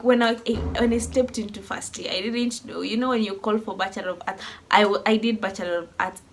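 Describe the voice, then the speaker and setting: Emotional young woman. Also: mid-range voice. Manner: heartfelt, rambling with restarts. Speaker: vlogger. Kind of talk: emotional personal vlog.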